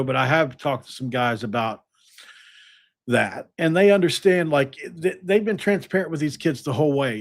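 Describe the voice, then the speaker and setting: A man hosting a sports podcast, talking casually and rambling with lots of fillers and restarts. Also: medium pitch.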